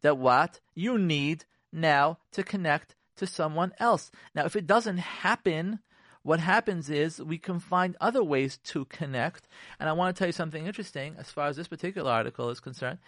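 A middle-aged man talks in a fairly high voice on a radio show. He is emphatic, repeats phrases for stress and keeps turning to the listener questions. The sound is close and dry. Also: moderate pace, a bit bright, dry recording. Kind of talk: animated talk on relationships, reading and commenting.

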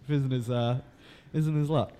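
A man's voice: mid-range voice, steady tone, moderate pace, dark tone. A young man recapping a book in a loose, rambling way, swearing freely and filling gaps with ums and likes. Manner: swears freely, lots of fillers.

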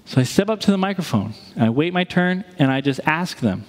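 A man's voice: on the high side, big pitch swings, fairly quick, few pauses. A male pastor preaching a sermon, telling stories animatedly and acting out the voices of people he quotes. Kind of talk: sermon with storytelling. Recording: long hall reverb.

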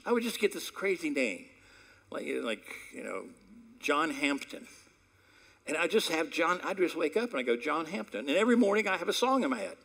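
A male pastor delivering a sermon with a somewhat high voice that rises and falls a lot. He talks in a conversational storytelling way, then jumps to loud peaks or drops to hushed asides. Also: sing-song, fast talker, vocal fry.

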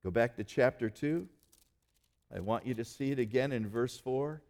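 A male pastor preaching a sermon in earnest, slowing down and dropping almost to a hush to stress key words. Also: mid-range voice. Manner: earnest preaching, slows and drops to near-quiet for emphasis.

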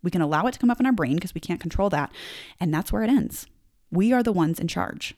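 A young woman talks through a self-help lesson in a casual, reflective way, slipping into little acted-out inner voices. Her voice sits a touch low for a woman. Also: animated, fast, a little mellow. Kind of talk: podcast-style self-help talk.

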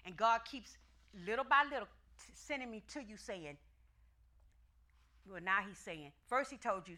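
Fervent woman preacher with a bright voice. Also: mid-range voice, animated, moderate pace, pauses often. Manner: fervent, emphatic preaching with repetition; folksy, conversational asides to the congregation. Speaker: pastor. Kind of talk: sermon.

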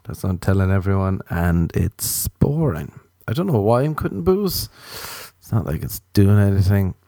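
A man hosting a solo late-night podcast, rambling and joking at his own expense with sudden jumps in pitch. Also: sing-song, moderate pace, mellow, no room sound, clean studio sound. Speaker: podcast host.

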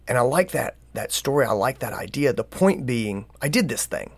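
A man talks through advice in an earnest, conversational way, often posing rhetorical questions and slipping into short stories. His voice sits at a middle pitch. The sound is dry and close, with no room around it. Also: animated, normal speed, breathy edge, dry recording. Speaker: podcast co-host.

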